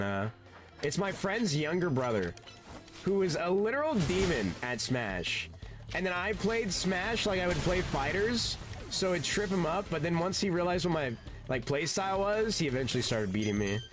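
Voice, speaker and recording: Rambling, lively streamer guy. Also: a little high. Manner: rambling and laid-back, swears, says "dude" often. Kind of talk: casual gaming stream chat.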